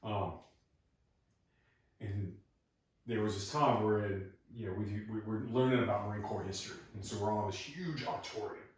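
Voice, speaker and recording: A male podcast host chats in a relaxed, storytelling way and is quick to laugh. His voice is low and heard from slightly off the mic. Strong room echo hangs on every word. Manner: laid-back storyteller, laughs easily. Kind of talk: casual interview conversation. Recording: echoey room, far from the mic.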